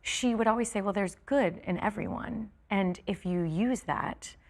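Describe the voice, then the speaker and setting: A woman from California, a stage actress, chatting as an interview guest, tired and quick with many fillers and restarts. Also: mid-range voice, creaky, darkish tone. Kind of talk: casual interview chat.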